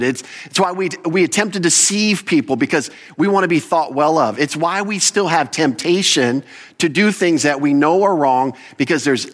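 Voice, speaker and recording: A man preaching a sermon as pastor, with animated emphasis, rhetorical questions and quick self-corrections. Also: on the high side.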